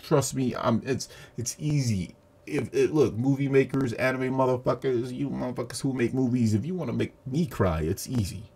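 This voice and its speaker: A man giving a casual, profane, animated review of a movie he just saw. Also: mid-range voice, moderate pace, slightly rough. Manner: profane, animated retelling with acted quotes. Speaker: video reviewer. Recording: audio static.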